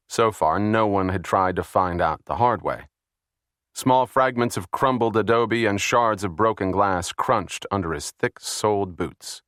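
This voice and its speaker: A man reads a thriller audiobook in a steady, even manner. His voice sits on the low side. The recording is dry and close, with no room echo. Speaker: audiobook narrator. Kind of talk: scripted thriller narration.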